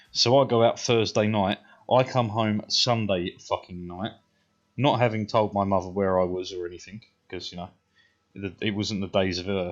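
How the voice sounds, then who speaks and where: Low-ish british guy, 30s, streaming, swearing nonstop, rambling stories, bit muffled, quiet music behind. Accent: British English. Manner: rambling, heavily profane, says "right?" a lot. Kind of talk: casual storytelling while gaming. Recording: dull stream audio, faint music.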